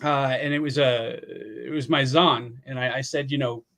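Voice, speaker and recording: This livestream host, a roughly fifty-year-old man from Pennsylvania, USA, chats from home at normal speed in a medium-pitched, fairly bright voice with fairly even intonation. He's laid-back and swears casually.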